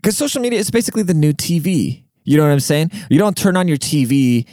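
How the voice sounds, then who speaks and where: A man's voice: fairly high pitch, lively intonation, quick pace, mellow, no echo, studio quality. A young man who grew up in Germany, casually telling a rambling, profane childhood story and laughing often. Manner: rambling, profane, laughs through his stories.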